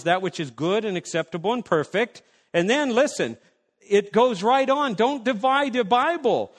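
Male pastor, sermon, high-pitched, emphatic, rhetorical questions, long church-hall reverb.

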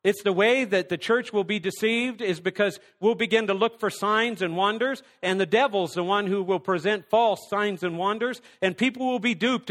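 A middle-aged male pastor preaching a sermon, swinging between loud emphatic lines and hushed near-whispers. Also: sits high. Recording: long hall reverb.

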